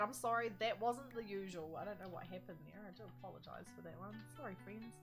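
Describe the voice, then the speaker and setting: A young woman streaming a building game, chatting casually with viewers, giggly and excitable and reacting loudly to surprises. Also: mid-range voice, fast talker. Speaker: Minecraft streamer. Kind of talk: casual live-stream chat. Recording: faint music under the voice.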